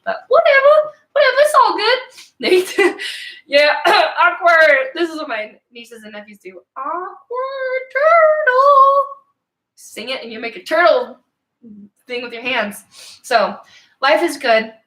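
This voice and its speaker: A woman in her thirties hosts a live stream, talking casually and earnestly in a bright, forceful voice. She pitches a little high and mixes slang into her heartfelt advice. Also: low-quality recording. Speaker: host of a live video show. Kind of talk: live-stream motivational talk.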